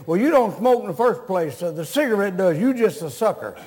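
High-voiced preacher in an echoing hall. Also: male voice, expressive, a little fast, hardly any pauses, a little mellow. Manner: blunt, scolding, joking with the congregation. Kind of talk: revival sermon. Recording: long reverb of a large hall.

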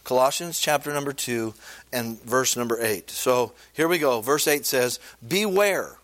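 A man pastor preaching an evening sermon in a conversational way, asking rhetorical questions and reading scripture aloud, clearing his throat now and then. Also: medium pitch, normal speed, fairly bright tone. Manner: conversational preaching, frequent rhetorical "okay?" and "amen?"; reads scripture aloud in old-fashioned wording.

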